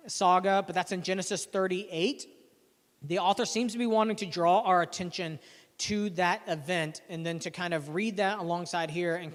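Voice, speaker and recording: A man preaching a sermon as pastor, in a conversational, animated way with casual asides. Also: sits high, big-room sound. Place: church sanctuary.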